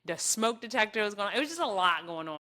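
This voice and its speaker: A young woman chats on a podcast, telling lively stories and calling out to listeners as y'all. Her voice is bright and forward, and she sits at a middle pitch for a woman. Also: quick pace. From southern Virginia, US. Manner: animated storyteller, addresses listeners as y'all. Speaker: podcast co-host. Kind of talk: casual chat.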